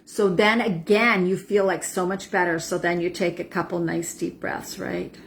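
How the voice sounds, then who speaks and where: A woman in her forties, a wellness coach, calmly guiding a tapping practice and checking in with "right?" and "okay?". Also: on the low side, moderate pace, vocal fry, slight background noise. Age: 40s. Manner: soothing affirmations with frequent "right?" and "okay?". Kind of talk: guided self-help demonstration.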